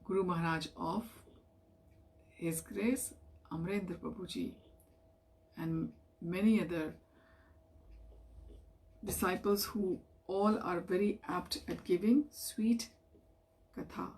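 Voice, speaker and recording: A woman reading a devotional story aloud in a measured storytelling manner, lifting her voice for the quoted figures. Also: fairly low pitch, a little mellow. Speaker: reader of devotional scripture.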